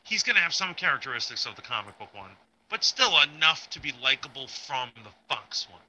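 Bright-voiced man chatting casually. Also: mid-range voice, big pitch swings, brisk, a little hiss or hum, rough recording. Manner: chatty, rambling, full of rumors. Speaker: podcast co-host. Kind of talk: casual pop-culture chat.

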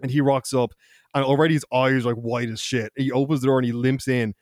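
A man's voice: medium pitch, flat delivery, fast, a little mellow, no echo, studio quality. A young Irish man, a podcast co-host, telling a loose, profane anecdote in casual chat, laughing and acting out quotes. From Ireland.

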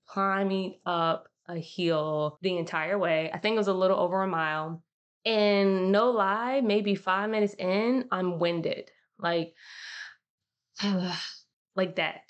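A woman hosting her own podcast, talking to listeners in a casual, slangy way. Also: lowish voice. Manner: slangy, chatty, addresses listeners as y'all. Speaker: podcast host. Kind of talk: casual solo podcast monologue.

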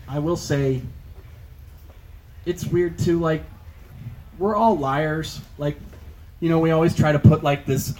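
A man's voice: fairly high pitch, darkish tone, a little hiss or hum, low-quality recording. A young man doing a stand-up comedy set on a club stage, rambling with lots of filler words. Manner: rambling, filler-heavy delivery with many "like"s.

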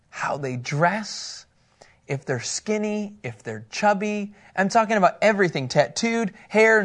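A man teaching scripture to a live group in a casual, playful way, with quick asides and frequent laughter. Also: high-pitched, a bit bright. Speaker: pastor teaching a Bible study.

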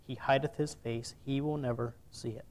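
Man, preacher, sermon, scripture reading, earnest, mid-pitched voice. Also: fairly even intonation, normal speed, a little mellow. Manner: earnest, reads old scripture wording then preaches directly.

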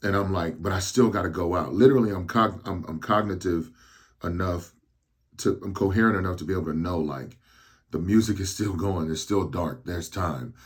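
Slow, husky low-voiced man telling a story. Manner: slow, halting delivery with restarts. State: medicated, speaking slowly. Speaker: podcast host. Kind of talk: personal storytelling.

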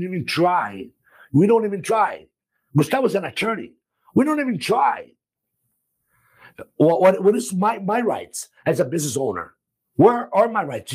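A man from Italy, a restaurant owner, talking emphatically and loudly, repeating himself in an animated interview. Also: a little high, husky. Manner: emphatic, repetitive, loud and expressive.

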